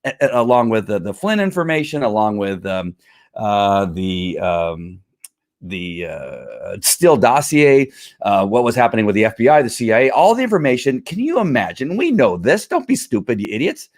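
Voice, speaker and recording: A man's voice: lowish voice, big pitch swings, normal speed, a little mellow. A man hosting a live opinion stream, talking in a fired-up, rambling way, often restarting his sentences and answering comments from viewers. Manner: fired-up, talks back to critics, many restarts. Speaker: livestream host. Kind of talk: casual opinion livestream.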